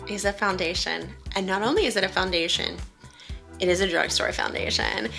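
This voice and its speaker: A woman's voice: medium pitch, pushed and bright. A woman beauty vlogger gushing enthusiastically as she reviews her favorite makeup products.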